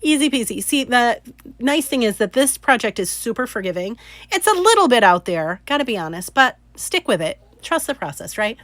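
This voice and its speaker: A woman hosting a casual craft demonstration, chatty and excitable, laughing at her own mistakes and filling pauses with "um". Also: a little high, dry recording. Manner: chatty, excitable, self-deprecating, lots of "um". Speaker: craft channel host.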